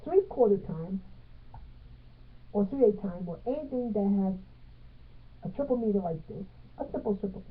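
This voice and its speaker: A woman teaching a music theory lesson, speaking in halting phrases and counting beats aloud with stress on the accented ones. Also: medium pitch, breathy edge. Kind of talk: piano music theory tutorial. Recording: tinny phone-like sound.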